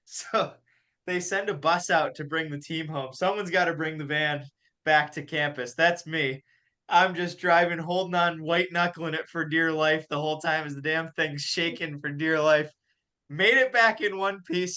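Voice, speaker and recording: A young man hosting a hockey podcast, telling a story in a casual, animated way and laughing as he goes. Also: fairly high pitch. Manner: animated, laughs through his stories. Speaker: podcast host and college golf coach.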